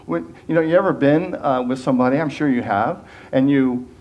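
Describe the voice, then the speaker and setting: A man's voice: mid-range voice, brisk, highs cut off. A man giving a sermon as minister, earnest and conversational, often restarting phrases and acting out quoted voices.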